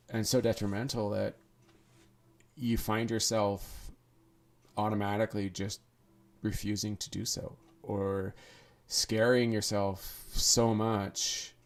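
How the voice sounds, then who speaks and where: A man hosting a podcast, talking in an earnest, rambling monologue full of restarts. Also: lowish voice. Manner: earnest, rambling, with restarts and acted inner thoughts. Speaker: podcast host. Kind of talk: casual monologue.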